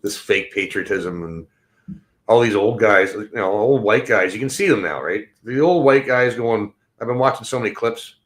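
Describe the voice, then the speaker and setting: A Canadian man with a fairly low voice hosts a livestream show and vents about current events. He swears constantly, talks in a heated, mocking way, and breaks off to read comments from the chat. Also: moderate pace, fairly bright tone. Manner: heated, swearing often, mocks others in quoted voices. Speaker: podcast host. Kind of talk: profane livestream rant, reading chat.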